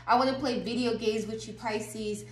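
A woman's voice: on the high side, steady tone, moderate pace. A woman giving a casual tarot reading straight to her viewers, chatty and loose, swearing and laughing freely. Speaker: tarot reader. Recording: echoey room with faint noise.

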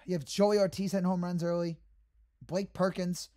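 A woman's voice: lowish voice, flat delivery, moderate pace, warm tone. A woman hosting a sports fan channel, delivering an exasperated, heated rant to the camera.

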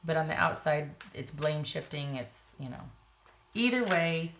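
A woman's voice: sits low, animated, unhurried, fairly bright tone, a little hiss or hum. A woman giving a casual tarot reading, talking bluntly and emphatically, with frequent restarts. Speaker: tarot reader.

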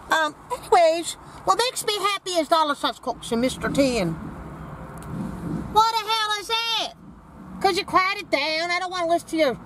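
A woman's voice: sits high, slight background noise, low-quality recording. A woman playing a vain, brash old granny character, rambling with sassy, crude asides from inside a parked car. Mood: bossy. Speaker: comedy vlogger in character.

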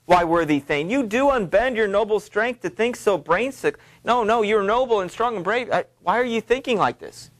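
A bold, impatient scheming noblewoman with a sharply raised, emphatic voice, as a male teacher reads her part aloud. She pushes her lines with force and a high, pressing tone. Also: expressive, moderate pace, few pauses. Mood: chiding.

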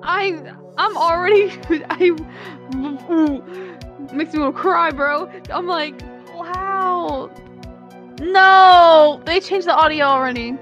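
A woman giving casual, excitable commentary as she plays through a game, outspoken and swearing when annoyed. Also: high voice, a little slow. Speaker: gaming channel host. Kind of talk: live gameplay commentary. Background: loud game music.

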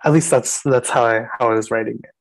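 A playwright on a video call, talking reflectively and haltingly about his writing, often repeating words. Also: medium pitch. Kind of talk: casual video call chat.

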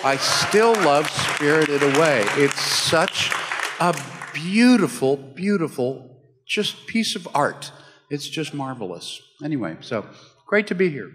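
A man's voice: a little high, very animated, takes it slowly, a bit bright. A man on a convention panel introducing himself with jokey, self-deprecating asides and frequent chuckles. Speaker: voice actor panelist and moderator. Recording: echoey hall with crowd noise. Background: crowd chatter.

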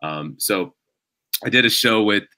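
A comedian being interviewed on a podcast, telling animated, self-deprecating stories in casual chat. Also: male voice, fairly low pitch, a little slow, no echo, low-quality recording. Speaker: comedian guest.

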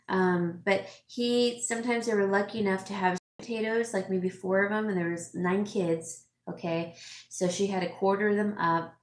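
Reading comments from her viewers, a middle-aged woman who stages homes and vlogs gets emotional, teary and sniffling, yet keeps laughing and filling pauses. Her mid-range voice has fairly even intonation at a moderate pace, and the room is echoey.

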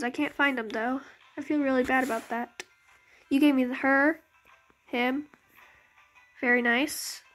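A woman's voice: high-pitched, steady tone, measured pace, long pauses, a bit bright. A young woman casually commenting on her game as its channel host, chatty and rambling, often correcting herself. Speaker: gaming YouTuber. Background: game music.

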